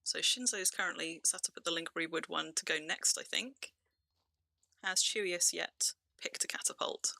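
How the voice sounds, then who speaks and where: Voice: mid-range voice, moderate pace, gravelly, sharp tone, no echo. A game streamer from England with a near-RP southern English accent, chatting casually through play, laughing often and restarting sentences. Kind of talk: casual live-stream commentary.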